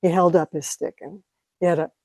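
A woman teaching meditation to an audience, speaking calmly and reflectively with light laughs. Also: fairly low pitch, brisk, no echo, rough recording. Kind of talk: dharma talk to an audience.

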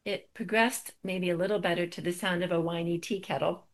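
A woman's voice: lowish voice, fairly even intonation, a little fast. A middle-aged woman giving a spiritual talk, telling a personal story with wry, self-deprecating humor.

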